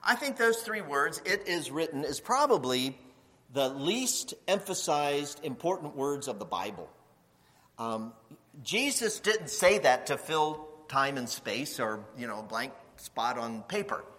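A male pastor preaches in a bright, forceful, slightly raised voice with a sing-song lilt and measured pace. His delivery swings widely, acting out quoted voices and rising to near-shouts, and a long reverb suggests a large hall.

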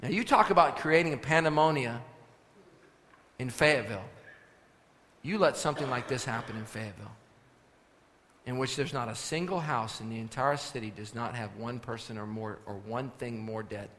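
A man preaching a sermon as pastor, swinging between quiet, firm instruction and loud, forceful scripture reading. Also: medium pitch, normal speed, pauses often, a little hiss or hum. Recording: long reverb of a large hall.

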